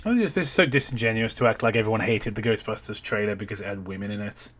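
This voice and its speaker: A man's voice: lowish voice, quick pace, a bit bright. A man giving sarcastic reaction commentary over a gameplay video, critical and swearing casually.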